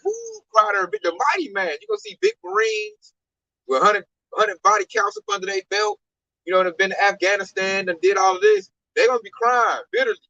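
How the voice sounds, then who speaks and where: High, gravelly emphatic male preacher. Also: very animated, fairly quick, no room sound, dull audio. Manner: emphatic, colloquial, sometimes shouting. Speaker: teacher expounding scripture. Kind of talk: animated street-style preaching.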